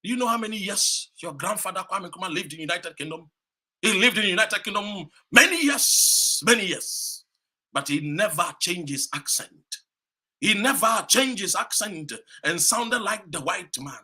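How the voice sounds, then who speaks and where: A man from Ghana giving an impassioned political speech, preaching fiercely and hammering points through repetition, with shouted peaks. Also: high-pitched, lively intonation, normal speed, breathy edge. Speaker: political commentator.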